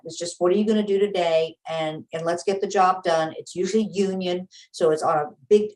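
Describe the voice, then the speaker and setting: A woman's voice: fairly low pitch, darkish tone, distant mic, rough recording. A woman opera singer from Texas, talking candidly and practically as a guest in an interview chat. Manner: candid, practical, explains vividly.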